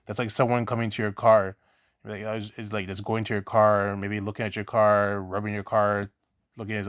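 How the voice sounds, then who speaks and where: Low-voiced man preaching casually. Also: flat delivery, quick pace, a bit bright, dry recording, studio quality. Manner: conversational, repeats 'right?' and restarts; blunt, swears in examples. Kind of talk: informal scripture teaching.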